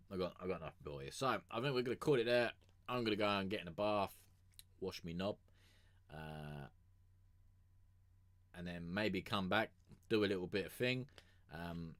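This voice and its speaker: A man's voice: sits low, a bit bright, dry recording. A young man streaming, telling a story casually in a rambling, crude, swear-heavy way. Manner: rambling and crude, swears a lot, with many fillers.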